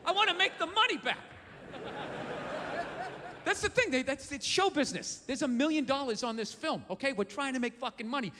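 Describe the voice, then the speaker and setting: A man's voice: extremely high pitch, in a large hall, background noise. A man performing a stand-up comedy set on a live stage mic, blunt, profane and ranting with sarcasm.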